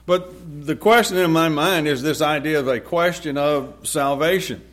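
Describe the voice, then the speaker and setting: Male preacher, slightly high voice, sermon delivery, reads verses forcefully then explains plainly. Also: moderate pace. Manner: reads scripture aloud with rising force, then explains it conversationally.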